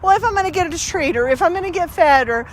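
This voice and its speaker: A woman's voice: very high voice, lively intonation, fast, slight background noise. A woman voicing a stubborn young male dog who only obeys for a treat, in a grudging, bargaining tone.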